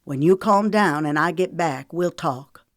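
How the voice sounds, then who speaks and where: A woman voicing a steady young man in an audiobook, speaking in a measured, firm tone. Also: deep voice, no room sound, studio quality.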